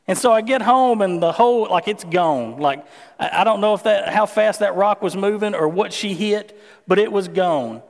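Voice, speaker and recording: A man's voice: sits high, normal speed, creaky. Man preaching in a reverberant hall. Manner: conversational, folksy preaching with personal stories. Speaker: pastor. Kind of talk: sermon.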